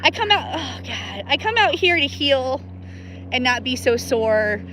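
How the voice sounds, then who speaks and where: A woman's voice: high voice, very animated, measured pace, pushed and bright. A woman chatting casually to her viewers on a live stream from outdoors in a river, giggling often and greeting viewers by name. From Pacific Northwest of the US. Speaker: livestream host.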